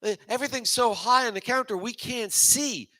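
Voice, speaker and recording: A man's voice: very high voice, moderate pace, sharp tone, voice pushed up. A man voicing a young female coffee-shop worker, with blunt, matter-of-fact replies in a stand-up story. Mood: flat.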